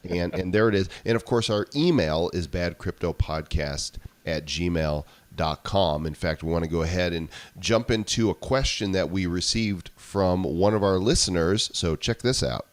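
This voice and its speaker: A male podcast co-host with a very low, deep voice. He chats casually and keeps things upbeat and promotional. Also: moderate pace, few pauses.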